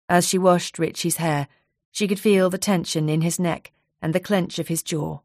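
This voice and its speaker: A woman narrates a novel in an even, unhurried voice. Her pitch sits a little low. The recording is dry and close to the mic. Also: dry recording. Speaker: audiobook narrator. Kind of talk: novel reading.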